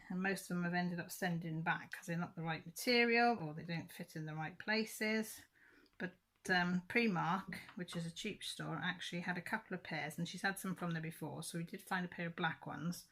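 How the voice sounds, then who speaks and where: Chatty middle-aged woman, low-pitched and meandering, casual vlog chat. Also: a bit bright. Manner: chatty, rambling, self-correcting. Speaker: crafting vlogger.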